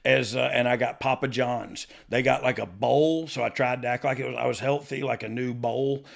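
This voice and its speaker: A man's voice: mid-range voice, fairly even intonation, normal speed, creaky. A man in his fifties, a podcast host, telling rambling stories in a casual chat, laughing often and restarting his sentences. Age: 50s. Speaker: podcast host and former wrestler.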